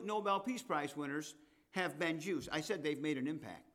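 A man's voice: fairly high pitch, normal speed. Emphatic preacher man. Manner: emphatic, rising to loud declarations and dropping to asides. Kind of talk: sermon.

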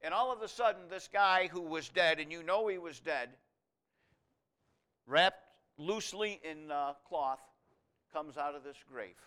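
A man preaching a sermon, reading scripture aloud and explaining it verse by verse, rising to loud emphatic passages. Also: a little high, unhurried, pauses often. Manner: expository Bible teaching, reads scripture aloud, swells loud on key lines.

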